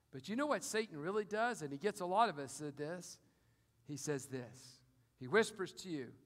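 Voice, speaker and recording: High bright-voiced preacher man, loud then hushed, long echo in a big room. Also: animated, unhurried. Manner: preaching with big swings in loudness, booming on scripture. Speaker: pastor. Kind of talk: sermon. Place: auditorium. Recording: long hall reverb.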